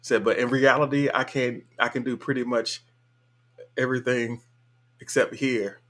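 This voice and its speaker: A man's voice: medium pitch, steady tone, normal speed, a bit bright. Laid-back man hosting a live stream. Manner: laid-back, chuckles often, colloquial. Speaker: livestream host. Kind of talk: casual live-stream chat reading comments.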